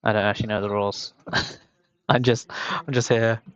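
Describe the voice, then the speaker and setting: A man's voice: lowish voice, flat delivery, normal speed, clear, resonant tone, no room sound, muffled recording. A young man from the UK on a headset mic, casually commentating a game tournament alone, rambling and poking fun at himself. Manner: rambling, self-mocking, chatty.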